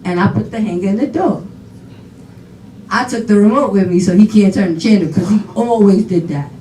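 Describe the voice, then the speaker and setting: A daughter giving an animated eulogy at a funeral, telling laughing stories full of quoted dialogue. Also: female voice, medium pitch, brisk. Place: funeral home chapel. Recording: echoey hall, voice from far off, faint noise.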